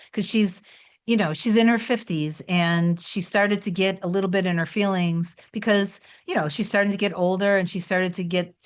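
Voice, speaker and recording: A woman coach telling a story about one of her clients in a relaxed, chatty way, often dropping in "like" as a filler. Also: medium pitch, clear, resonant tone. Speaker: manifestation coach.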